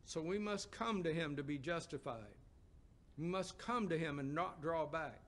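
High-voiced man preaching a sermon. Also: moderate pace. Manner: emphatic, rising questions and dropping to a hushed low voice.

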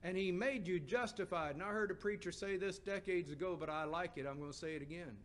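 A middle-aged man preaches fast in a high-pitched voice, asking the congregation emphatic questions and dropping to a hushed voice for his stories.

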